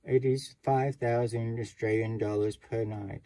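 A man voicing a polite, formal male hotel concierge who speaks in measured, courteous phrases. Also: mid-range voice, fairly even intonation, mellow, recorded from a distance, lightly acted.

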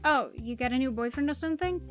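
A woman's voice: sits high, quick pace, faint music behind, lightly acted. A woman reading aloud the lines of a weary male police officer in a game, in close to her own voice. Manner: read-aloud dialogue, plain.

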